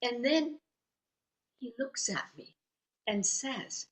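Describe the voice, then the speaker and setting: A woman's voice: on the high side, takes it slowly. A woman telling a personal story at a live storytelling event, acting out her own quoted lines with drama. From United States. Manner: animated, dramatic, acts out quotes.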